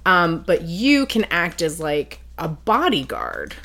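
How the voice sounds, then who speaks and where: A woman's voice: lowish voice, wildly swooping pitch, takes it slowly, a bit bright, exaggerated voice. A woman putting on a wealthy, dismissive male financier in a casual retelling of a book plot. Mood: scheming. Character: wealthy older male excavation funder, dismissive.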